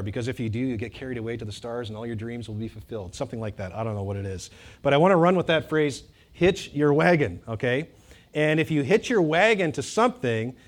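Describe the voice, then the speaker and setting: A male pastor preaching a sermon to a congregation, animated and emphatic, building to loud bursts and dropping to quiet, joking asides. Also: a little high. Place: church hall with congregation.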